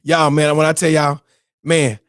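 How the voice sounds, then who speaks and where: A man's voice: a little high, flat delivery, unhurried, no room sound, studio quality. A young man hosting a morning show, telling a heartfelt family story through tears and calling his viewers "y'all". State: tearing up. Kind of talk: emotional personal storytelling.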